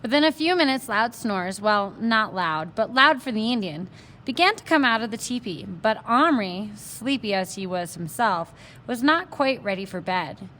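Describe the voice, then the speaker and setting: A woman's voice: mid-range voice, expressive, normal speed, pushed and bright, slight background noise. A woman reading a children's novel aloud, with the odd aside and slip. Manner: plain read-aloud with small asides and slips. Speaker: reader.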